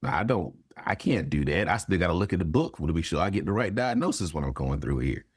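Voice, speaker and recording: Guest therapist, male, very low voice, dry close sound, candid and profane in casual chat. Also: very animated, fairly quick, breathy edge, dry recording. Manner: frank, swears freely, acts out quotes. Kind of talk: casual conversation.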